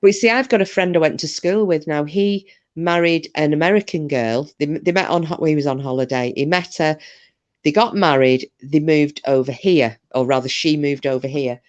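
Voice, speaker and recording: A woman's voice: low-pitched, normal speed, dry recording, muffled recording. A woman with a Northern English accent, originally from Scotland, hosting a casual chat and telling rambling stories with the odd swear word. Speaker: host.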